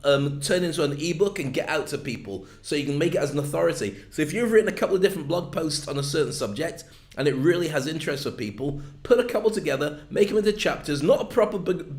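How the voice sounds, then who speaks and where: A man with a northern English accent and a slightly high voice gives a chatty, jokey content marketing lesson, speaking casually to camera in an echoey room.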